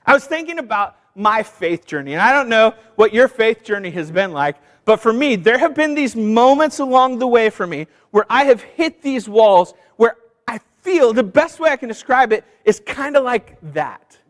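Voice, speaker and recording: High-voiced pastor telling stories in a reverberant church. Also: male voice, sing-song, moderate pace, a bit bright. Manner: storytelling, calls out to the congregation; acts out voices in anecdotes. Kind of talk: sermon. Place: church sanctuary. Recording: long reverb of a church hall.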